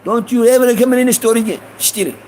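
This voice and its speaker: A man's voice: very high-pitched, fast, darkish tone, slight background noise, voice pushed up. A man voicing a stern male shopkeeper who barks repeated commands at a kid he caught stealing. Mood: barking orders.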